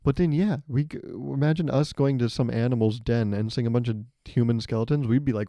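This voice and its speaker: Young man, podcast host, mellow tone, dry close mic, animated and profane. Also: a little fast, no room sound. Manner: animated, profane, riffing with jumps to high pitch. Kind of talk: solo comedic podcast monologue.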